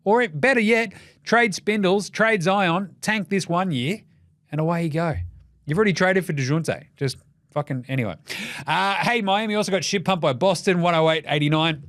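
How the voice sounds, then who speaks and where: Australian male podcast host, lively and sweary, slightly high voice, dry close sound. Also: dry recording. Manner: animated, profane, jokey rapid-fire riffing. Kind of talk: casual solo commentary.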